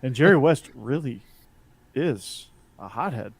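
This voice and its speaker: A man's voice: medium pitch, animated, unhurried, creaky, slightly rough. A man co-hosting a sports podcast in joking, casual chat. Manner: joking, laughs often. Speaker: podcast co-host.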